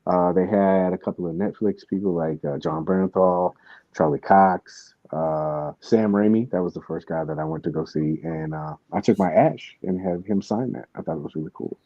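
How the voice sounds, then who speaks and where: A man's voice: deep voice, normal speed, no echo, muffled recording. A man hosting a podcast, telling a story in casual chat, with lots of restarts and asides. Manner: rambling storytelling with many restarts. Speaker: podcast host.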